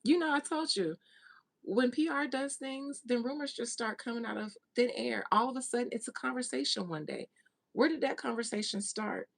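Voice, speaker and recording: A woman's voice: on the high side, lively intonation, normal speed, creaky. Blunt, gossipy woman reader. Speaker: tarot reader. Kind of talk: casual monologue, spiritual reading.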